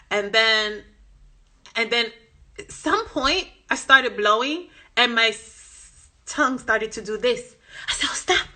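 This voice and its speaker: A woman from New York with a New York accent, chatting casually on a phone livestream and telling animated stories. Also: fairly high pitch. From New York, USA. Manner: animated storyteller who acts out voices in her stories; chatty and informal, with many fillers and asides. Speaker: language-learning content creator. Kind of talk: casual livestream chat and storytelling.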